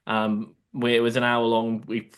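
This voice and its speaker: A man's voice: medium pitch, monotone, moderate pace, clean tone. A man hosting a casual podcast, easygoing as he steers segments and wraps up the show. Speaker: podcast host.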